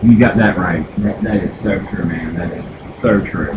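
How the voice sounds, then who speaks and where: A man's voice: deep voice, moderate pace, muffled recording, very noisy. A man from the United States chatting casually while streaming retro games, rambling with lots of fillers and restarts. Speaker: gaming streamer. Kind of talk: casual live-stream chat.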